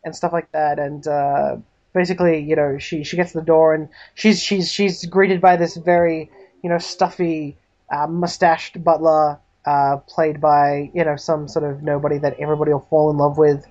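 A woman improvising a comedy TV pitch, rambling, full of fillers, and animated. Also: normal speed. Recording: slightly dull lo-fi recording.

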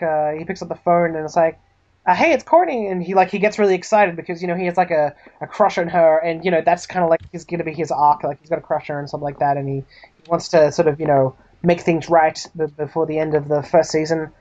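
Woman, improvised comedy, rambling, fillers, lowish voice, slightly lo-fi. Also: a little fast. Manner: rambling, full of fillers, animated. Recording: slightly dull lo-fi recording.

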